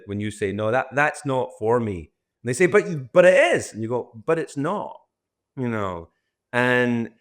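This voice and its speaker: A man's voice: mid-range voice, fairly bright tone. A Scottish man in his sixties, a podcast guest who answers in rambling, self-deprecating stretches and restarts his sentences often. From Scotland. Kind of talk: podcast interview.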